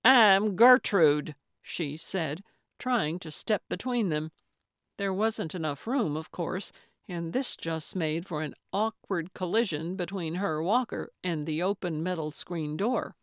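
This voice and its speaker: A woman reads scripted audiobook narration in an even, measured storytelling style. Her voice sits on the low side, and the studio recording is clean with no room sound.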